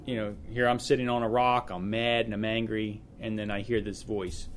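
A man's voice: fairly low pitch, level tone, normal speed, a little hiss or hum. Earnest man leading a Bible study. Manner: earnest, repeats words as he thinks aloud. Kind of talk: informal Bible teaching to a small group.

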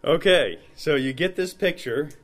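A man leading an informal Bible study, talking in a relaxed, conversational way and acting out the people in the story. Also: on the high side, a little slow. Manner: conversational, retells scenes in acted quotes.

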